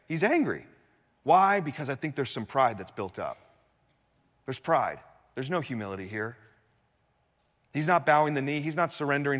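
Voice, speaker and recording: A man preaching a sermon in a church, telling the story with animated swings between loud and hushed delivery. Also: fairly high pitch, moderate pace, pauses often, big-room sound. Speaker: pastor.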